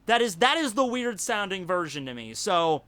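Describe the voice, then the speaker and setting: A man with a Southern US accent, telling a story in casual livestream chat, rambling and animated with lots of fillers. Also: high-pitched, moderate pace, smooth. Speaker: YouTuber hosting a livestream.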